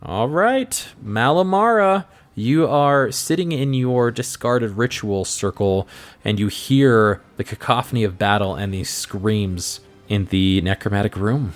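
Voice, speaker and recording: A man narrating as game master for a tabletop game, upbeat and quick to react. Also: on the low side.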